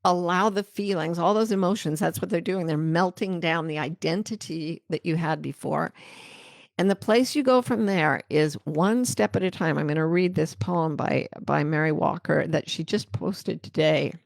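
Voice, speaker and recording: Low gravelly American woman, gentle. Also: moderate pace, no echo, studio quality. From United States. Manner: gentle, reflective, reading audience questions aloud. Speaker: host answering viewer comments. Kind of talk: live-stream talk and poetry reading.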